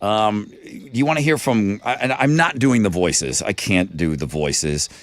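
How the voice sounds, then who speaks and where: A man's voice: lowish voice, animated, measured pace. A man hosting a morning radio show, joking with co-hosts in a studio and doing live ad reads.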